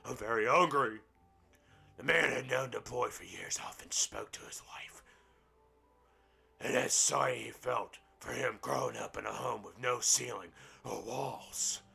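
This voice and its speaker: Man, gravelly fry, slow reading, crude profane jokes. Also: mid-range voice, pushed and bright. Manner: crude mocking asides, profane. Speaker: gaming roleplay streamer. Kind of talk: reading a book aloud with commentary.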